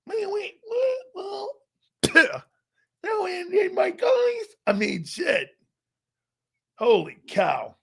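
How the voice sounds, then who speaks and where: A man hosting a live football talk show, bantering loudly, laughing and swearing as he riffs. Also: extremely high pitch, creaky, slightly rough. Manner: animated, laughing, bantering, profane. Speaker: sports talk show host.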